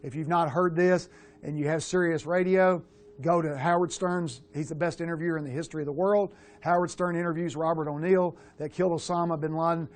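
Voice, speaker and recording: A middle-aged man coaching quarterbacks, talking bluntly through game film with casual swearing and animated asides. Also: a little high, a little fast. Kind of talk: film breakdown coaching talk.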